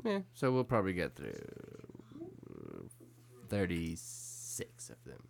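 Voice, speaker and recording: A man's voice: deep voice, big pitch swings, slow, gravelly, slight background noise. A man hosting a podcast, telling stories in a rambling, laughing way and swearing freely. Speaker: podcast host. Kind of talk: casual chat.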